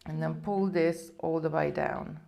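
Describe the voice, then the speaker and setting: Her low voice is warm and gravelly, with fairly even intonation and an unhurried pace. She's hosting a live beading tutorial, chatty and relaxed, talking viewers through each step while she works.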